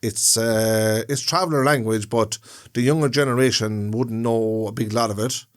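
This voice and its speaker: A man's voice: on the low side, fairly even intonation, moderate pace. A man co-hosting a podcast in casual chat, explaining things at length with long rambling examples. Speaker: podcast co-host.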